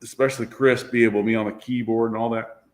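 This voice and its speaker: A man's voice: mid-range voice, fairly even intonation, fast talker. A man, a drag racer and guest, telling a story about his car in a loose, self-deprecating way, laughing and swearing as he goes. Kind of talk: casual storytelling.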